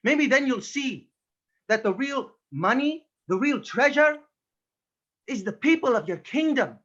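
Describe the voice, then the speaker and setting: A man's voice: high-pitched, expressive, normal speed, pushed and bright. A man playing an earnest young actor on tape. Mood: overwrought. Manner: laid-back, then overwrought monologue delivery. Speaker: improv performer. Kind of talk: improv comedy scene. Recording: dull lo-fi webcam audio.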